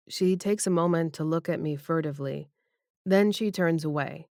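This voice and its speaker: A woman with a lowish voice narrating a romance audiobook in the first person. Her reading is intimate and expressive. The close studio mic leaves the sound fully dry. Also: dry recording.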